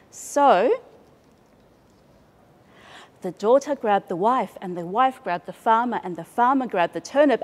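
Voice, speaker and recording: A woman with an Australian accent hosting a library storytime, reading to young children in a playful, drawn-out way. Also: a little high, expressive, in a large hall.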